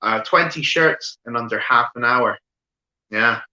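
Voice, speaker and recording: A man doing an online stand-up set of deadpan one-liners, often tagging "right?" and pausing with fillers. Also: medium pitch. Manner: deadpan delivery with frequent "right?" asides and fillers. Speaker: stand-up comedian. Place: home room, streamed online show. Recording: roomy echo, dull lo-fi sound.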